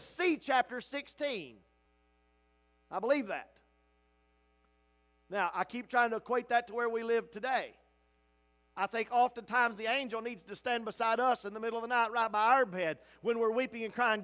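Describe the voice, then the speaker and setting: High-pitched, impassioned male pastor. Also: moderate pace. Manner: impassioned, bursts into shouting at peaks. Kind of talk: interactive bible study sermon. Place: church sanctuary.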